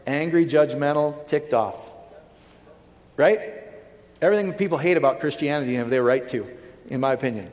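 Male preacher, slightly high voice, conversational sermon delivery, long hall reverb. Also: moderate pace, long pauses, a little mellow. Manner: conversational, checks in with the audience.

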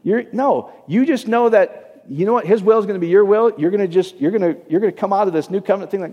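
A man's voice: high-pitched, quick pace, few pauses, mellow, dull audio. A man preaching a casual, conversational sermon as a pastor, often checking in with his audience. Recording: echoey hall, long reverb.

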